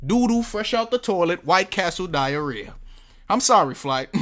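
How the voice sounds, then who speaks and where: A man hosts a comedic reaction to a rap video, teasing the lyrics and laughing often. His voice swings widely in pitch as he talks. The tone is bright and forceful. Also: measured pace. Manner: animated, mocking, laughs often. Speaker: music reaction host. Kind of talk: comedic music reaction commentary.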